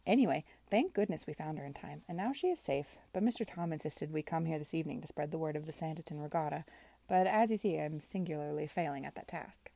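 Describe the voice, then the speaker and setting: A woman reading aloud as a young gentlewoman who talks quickly and is flustered, in a storybook reading. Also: a little high, creaky, no room sound.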